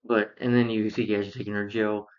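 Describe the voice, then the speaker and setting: A man's voice: fairly low pitch, little pitch movement, fast talker, dull audio. A man casually reviewing a film, rambling through the plot with lots of fillers and restarts. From lives in Georgia, US.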